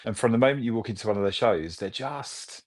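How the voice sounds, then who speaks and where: Enthusiastic British businessman, low voice. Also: quick pace. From Britain. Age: 40s. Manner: enthusiastic, animated storytelling with laughs. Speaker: CEO guest. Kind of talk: business interview.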